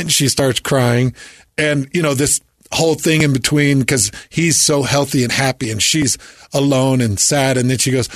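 A man co-hosting a casual sports talk show. He retells clips in an animated way and slips into quick impressions. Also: medium pitch, no echo, studio quality. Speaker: co-host.

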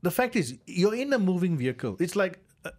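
He's a regular co-host of a radio car show, sharing studio opinions in rambling, casual talk thick with "you know" fillers. The voice is high and a little mellow, with big pitch swings and a slightly quick pace.

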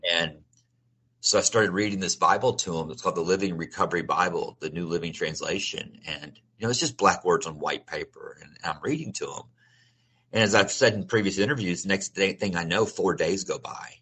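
A middle-aged man speaks as an interview guest in a low, husky voice with a bright, forceful edge. He tells his own story earnestly and keeps restarting and repeating his phrases as he goes. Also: a little fast. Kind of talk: personal testimony in a conversational interview.

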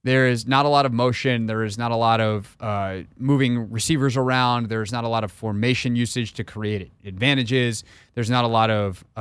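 A man's voice: mid-range voice, fairly bright tone, clean tone, no echo. Opinionated male sports radio host. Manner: opinionated, conversational, thinks aloud with fillers. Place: radio studio.

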